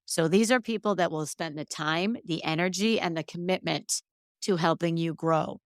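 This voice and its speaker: Earnest woman podcast host, smooth voice. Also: fairly low pitch, moderate pace, dry recording, studio quality. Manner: earnest and emphatic, emotional at times. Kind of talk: solo podcast talk.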